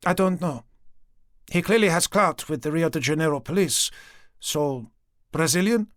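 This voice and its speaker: A male narrator voicing a sharp, persistent young woman police sergeant in an audiobook. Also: on the high side, no echo, studio quality, voice pushed up, natural voice. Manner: quick, probing, persistent. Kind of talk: audiobook character voice. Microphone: close studio mic.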